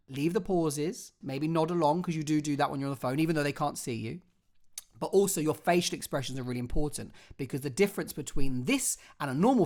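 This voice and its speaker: Expressive drama teacher. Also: medium pitch. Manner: expressive, theatrical delivery; clear step-by-step instructions. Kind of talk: online drama lesson.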